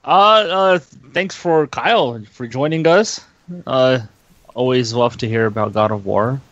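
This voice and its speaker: A man, a podcast regular, giving shout-outs in a hesitant, casual way with fillers. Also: mid-range voice, a little slow, no room sound. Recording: dry, dull lo-fi audio.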